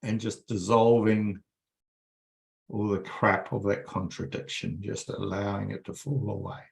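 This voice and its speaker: Gravelly-voiced man guiding a healing meditation. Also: lowish voice, flat delivery, a little slow. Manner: soothing, repetitive coaxing with many fillers. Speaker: energy healer leading a group session.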